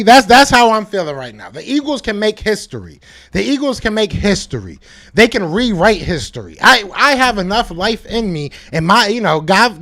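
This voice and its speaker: A male podcast host talking to his live chat, hyped and emphatic, repeating himself, with a voice that is going hoarse. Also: high voice, a bit bright. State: losing his voice, coughing. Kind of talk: live-stream fan talk to chat.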